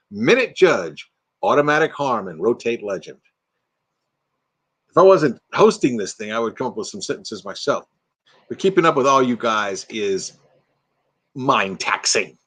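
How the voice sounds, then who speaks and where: Lively joking older Texan man. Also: medium pitch, measured pace, long pauses, husky. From Texas. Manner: jokey, slips into silly bits and voices. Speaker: livestream host. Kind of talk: casual live chat.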